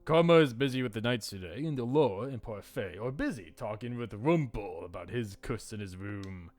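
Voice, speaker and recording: A man's voice: on the low side, animated, normal speed, hardly any pauses, darkish tone, soft background music. A man hosting a let's play, reading a visual novel aloud with playful, jokey asides.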